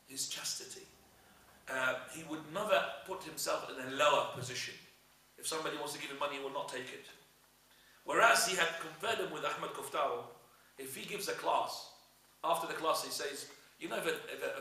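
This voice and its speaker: A male religious teacher giving a lesson, retelling stories in an animated way. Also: a little high. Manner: animated storyteller, frequent fillers and restarts. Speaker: Islamic teacher. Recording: echoey room, speaker far from mic.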